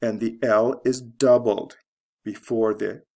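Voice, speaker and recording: A man teaching English pronunciation, saying words slowly and deliberately and repeating them for practice. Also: mid-range voice, fairly even intonation, darkish tone. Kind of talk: pronunciation lesson.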